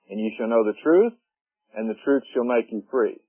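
A man preaching from the Bible, reading verses slowly and deliberately before breaking them down with an occasional "uh." His voice sits at an ordinary middle pitch. It comes through a thin, narrow radio broadcast that sounds like a phone line. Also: animated, breathy edge. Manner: reads scripture aloud slowly, then explains with fillers. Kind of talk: sermon.

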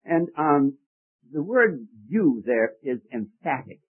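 A man's voice: fairly high pitch, big pitch swings, slow pace, slightly rough. A man preaching a sermon, teaching verse by verse and putting questions to his congregation. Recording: tinny phone-like old recording.

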